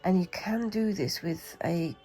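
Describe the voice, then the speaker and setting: A woman's voice: lowish voice, a little slow, dark tone, soft background music, poor audio. A British woman with a cold, chatting and rambling casually as she demonstrates a craft, talking to herself while she works. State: has a cold. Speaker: craft vlogger.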